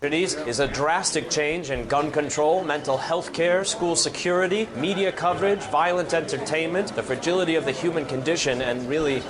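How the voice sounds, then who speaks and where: An actor playing a deadpan male TV news anchor reading a satirical broadcast. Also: a little high, moderate pace, hardly any pauses, crowd noise, natural voice.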